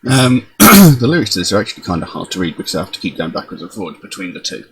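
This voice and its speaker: Deep-voiced man reacting to music. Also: big pitch swings, fast, fairly bright tone, slightly rough, poor audio. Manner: admiring, loose with frequent ums. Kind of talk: casual commentary.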